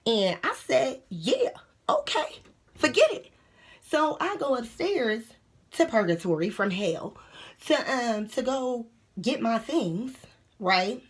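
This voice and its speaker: A young woman vlogging from a small bathroom, telling a story in a brash, profane, animated way and often dropping to a whisper. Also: a little high, takes it slowly, slightly rough.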